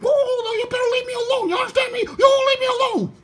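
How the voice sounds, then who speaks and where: A woman voices a cocky, scrappy cartoon turkey in a puppet comedy, taunting in a high, squawky chant. He keeps jeering and breaks into shouts. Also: sing-song, normal speed, slight background noise. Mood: shouting. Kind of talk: puppet show comedy acting.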